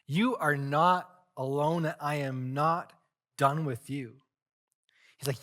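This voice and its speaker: Male pastor, sermon, earnest storytelling, slightly high voice, dramatic volume swings. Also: slow pace, fairly bright tone.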